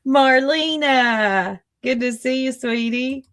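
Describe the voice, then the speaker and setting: Slow-talking woman streamer chatting with viewers. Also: sits high, fairly bright tone. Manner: chatty, greets viewers by name, laughs often. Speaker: livestream host. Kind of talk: casual chat with live viewers.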